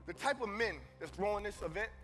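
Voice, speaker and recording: A man speaking from a conference stage, his voice sitting high and sounding bright and forceful. He preaches to the crowd, dropping to a hushed, personal tone and then rising to loud calls. Faint music plays behind him. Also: expressive, brisk. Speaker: motivational speaker. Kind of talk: live motivational speech. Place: conference stage before an audience.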